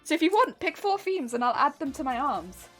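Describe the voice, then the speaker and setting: A young woman chatting bubbly and excitable as a craft streamer, talking while she sews. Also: high voice, a little fast. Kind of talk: casual livestream chat while sewing. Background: background music and sewing machine.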